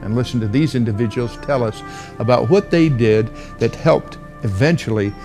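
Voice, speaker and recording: Male podcast host, formal and measured, faint music under him. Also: medium pitch, mellow. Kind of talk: scripted interview.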